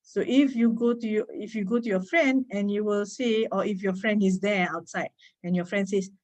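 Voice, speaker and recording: A woman's voice: medium pitch, steady tone, moderate pace, a little mellow, poor audio. Chatty Malaysian woman teaching a workshop. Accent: Malaysian English. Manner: chatty, code-switching, asks rhetorical tag questions. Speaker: reading workshop speaker. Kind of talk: informal online lecture.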